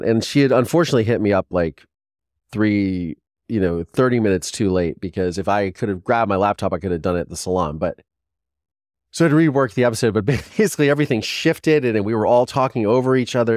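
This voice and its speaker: A man in his forties, a podcast host, telling a casual rambling story with quick restarts and lively quoted voices. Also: fairly low pitch, no echo, clean studio sound.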